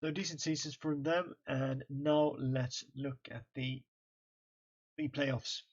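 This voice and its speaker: A man's voice: mid-range voice, steady tone, slow, husky, muffled recording. Tired man streaming a game. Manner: tired, talks through stats to himself. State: tired, yawning. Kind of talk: casual let's-play commentary.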